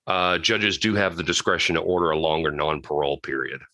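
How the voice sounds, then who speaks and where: A man's voice: extremely low pitch, fairly even intonation, brisk, pushed and bright, no echo, rough recording. A man co-hosting a podcast, casually recapping a true-crime case from notes, with frequent restarts and side comments. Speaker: podcast co-host.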